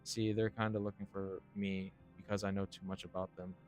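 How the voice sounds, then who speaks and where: A man's voice: deep voice, level tone, darkish tone, faint music behind, natural voice. A man playing a stammering paranoid father. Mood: anxious. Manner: halting, anxious, stammering. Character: desperate paranoid father searching for daughter.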